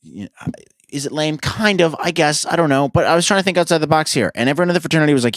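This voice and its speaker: A young man hosts his podcast in a rambling, profane, self-mocking monologue. His pitch swings up and down as he tells sarcastic stories. The sound is dry and close. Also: expressive, very fast, a bit bright, dry recording. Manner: sarcastic storyteller. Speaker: podcast host. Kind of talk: casual monologue.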